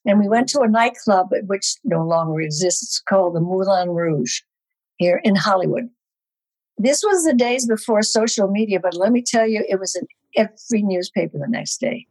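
A woman in her eighties, a guest on a talk show, telling a story from her past with wry, lively asides. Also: mid-range voice, moderate pace, no echo, rough recording. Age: 80s. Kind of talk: casual storytelling chat.

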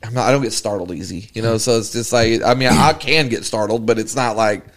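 In a lowish, slightly fast voice, a young man co-hosts a relaxed podcast conversation. He tells stories with lots of energy and breaks into laughter often.

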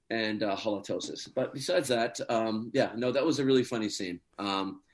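A man with a lowish voice speaks at a moderate pace. He's an actor guest in a casual interview, telling stories chattily with lots of fillers and frequent laughter.

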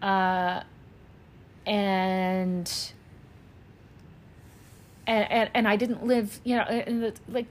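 A woman's voice: medium pitch, little pitch movement, extremely slow, pauses often. A woman from Louisiana co-hosting a podcast, telling stories in talkative casual chat. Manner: talkative, storytelling with fillers. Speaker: podcast co-host.

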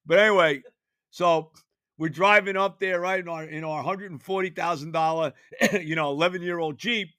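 An older man, telling a rambling, animated story on his podcast, full of fillers and restarts. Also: a little high, moderate pace, no echo, clean studio sound. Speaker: podcast host. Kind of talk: casual storytelling monologue.

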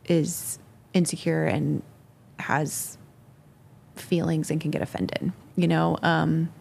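A woman's voice: sits low, level tone, slow, vocal fry, darkish tone, slight background noise. A woman ministry leader who answers questions in a rambling, self-reflective way.

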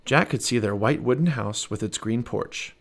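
A man in his thirties reading a children's book aloud as a podcast storyteller, expressive and animated. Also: mid-range voice, moderate pace.

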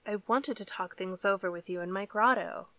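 A woman voicing a playful, headstrong young female mermaid with a soft, strange voice in a storybook reading. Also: medium pitch, moderate pace, lightly acted. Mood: bitter.

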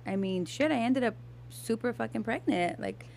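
A woman's voice: fairly high pitch, expressive, moderate pace, vocal fry, darkish tone, slight background noise. A young adult woman telling a personal story in casual podcast chat, candid and swearing freely, with lots of fillers and restarts. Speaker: podcast guest.

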